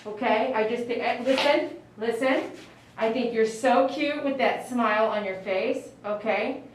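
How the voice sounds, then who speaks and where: A woman grooming a dog live on stream praises it in cooing baby talk, her fairly high voice moving a little slowly. She runs the channel and works as the groomer in this salon. There's background noise, an echoey room, and a mic placed some distance away.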